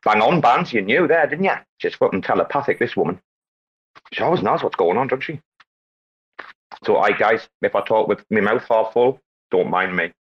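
A man hosting a casual live audio chat with loud, joking banter and free swearing. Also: fairly low pitch, lively intonation, normal speed, breathy edge. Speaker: host. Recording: dull lo-fi online audio.

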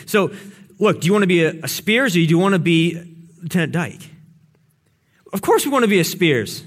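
A man's voice: high voice, animated, fast talker, breathy edge. A young man preaching a casual, storytelling sermon to young adults, with lots of fillers and restarts as he builds toward a challenge. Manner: conversational, fillers and repeated words, builds to exhortation.

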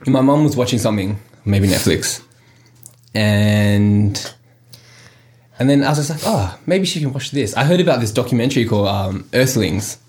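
A young man on a casual podcast, telling an animated story and laughing often. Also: lowish voice, moderate pace. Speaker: podcast host. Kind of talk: casual chat.

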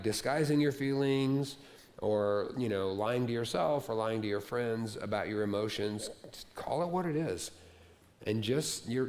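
A male pastor preaching a sermon to a congregation, talking conversationally, repeating phrases for emphasis and telling stories with animated humor. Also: mid-range voice.

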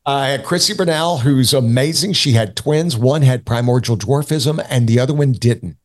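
A man who is a guest on a podcast, telling stories in a lively way and laughing easily. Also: mid-range voice, normal speed. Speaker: podcast guest, radio station owner. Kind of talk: casual interview chat.

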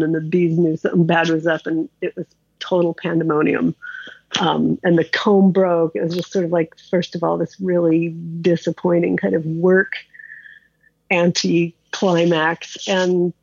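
Husky woman telling a candid story. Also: fairly low pitch, darkish tone, no echo, muffled recording. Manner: candid, conversational, frequent "like" and restarts. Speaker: interviewee. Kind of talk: casual personal storytelling.

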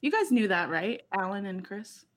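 Husky woman cohost, chatty, laughs a lot, casual podcast. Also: medium pitch, animated. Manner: chatty, laughs often, quick agreeing.

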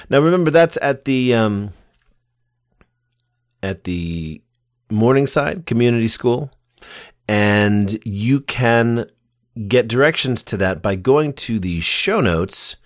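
A man's voice: on the low side, no room sound, studio quality. A man hosting a podcast, chatting in a rambling, enthusiastic way. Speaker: podcast host. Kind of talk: casual interview chat.

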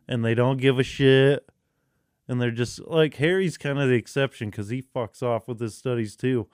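A man co-hosting a podcast, chatting casually in a rambling, profane, excitable way. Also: medium pitch, no room sound, studio quality. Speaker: podcast co-host. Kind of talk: casual chat.

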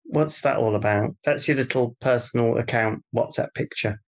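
A man's voice: medium pitch, moderate pace, gravelly, muffled recording. A man co-hosting a comedy podcast, bantering in a dry, teasing way. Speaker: podcast co-host.

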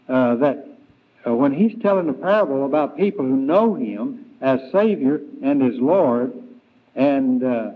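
Preacher, male, slightly high voice, very slow, halting delivery; thin phone-like 1990s tape. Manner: slow, deliberate, with frequent fillers and restarts. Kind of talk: Bible lesson sermon.

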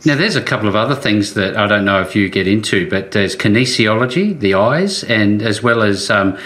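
A man's voice: lowish voice, animated, a bit bright. A man hosting an interview over a remote call, asking rambling questions with many restarts. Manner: rambling, halting questions with fillers. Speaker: show host.

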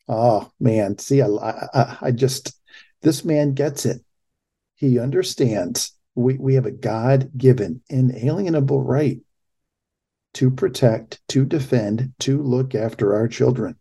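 A man's voice: medium pitch, expressive, unhurried, creaky, warm tone, slightly rough. A middle-aged man hosting a talk show, giving impassioned, emphatic political commentary.

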